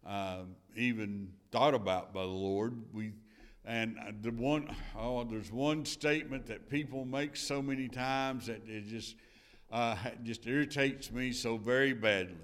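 Slow earnest man preaching. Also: mid-range voice, a bit bright. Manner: earnest preaching, repeats phrases for emphasis, rising to firm declarations; reads scripture in King James wording. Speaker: Sunday school teacher. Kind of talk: sermon-style Bible lesson.

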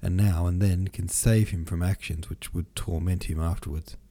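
A man's voice: deep voice, fairly even intonation, normal speed, dark tone. Man reading as Prince Andrei, bitter nobleman. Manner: gloomy, cutting and argumentative. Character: brooding, bitter young nobleman.

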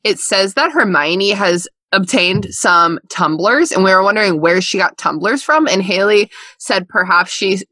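Bright, lively woman co-hosting a chat. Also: medium pitch, moderate pace, hardly any pauses, dry recording. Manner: laughing, swearing, enthusiastic. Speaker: podcast co-host. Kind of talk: casual chat.

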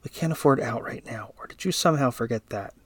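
A man voicing an irritated husband who scolds his wife about money in a sharp, accusing tone. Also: mid-range voice, fast talker, dry recording, close to an everyday voice. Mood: angry.

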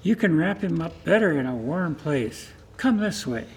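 A man voicing a kindly old shoemaker, speaking gently and welcomingly, slightly higher than his narration. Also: sing-song, normal speed, husky, exaggerated voice. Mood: gentle.

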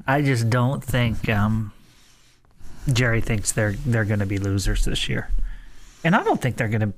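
A man's voice: on the low side, animated, unhurried. Skeptical male sports radio host. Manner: skeptical, pushes back with questions. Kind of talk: casual sports talk debate. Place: radio studio.

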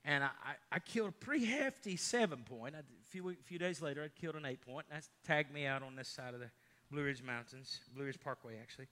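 A middle-aged male pastor with a fairly high voice preaches a sermon at a quick pace. He shifts between loud, emphatic lines and hushed storytelling.

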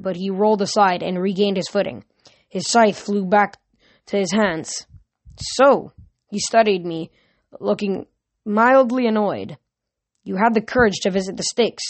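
A woman's voice: mid-range voice, no room sound. A woman casually reading a novel aloud, often stumbling and restarting words. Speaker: reader.

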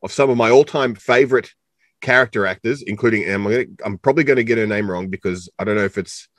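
A man's voice: on the low side, fast, no room sound. A man with an Australian accent co-hosting a casual interview, chatty and joking, rambling with lots of fillers. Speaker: co-host interviewer.

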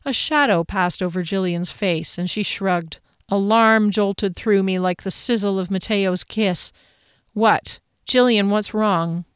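A woman narrating a first-person audiobook in a measured, expressive way. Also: mid-range voice, clear, resonant tone, no echo, studio quality.

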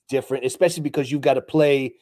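A man's voice: medium pitch, steady tone, racing, mellow, dry recording. A young adult man in casual chat, blunt and outspoken, swearing freely.

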